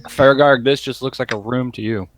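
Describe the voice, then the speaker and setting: A man narrating a tabletop game as game master, pausing often with ums and likes. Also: mid-range voice, fairly even intonation. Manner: hesitant, many ums and likes.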